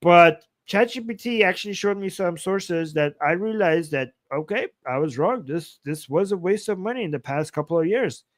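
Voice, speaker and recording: A man hosting a livestream, explaining his method in a blunt, animated, casual way and swearing freely. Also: high voice, moderate pace, few pauses. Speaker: livestream host.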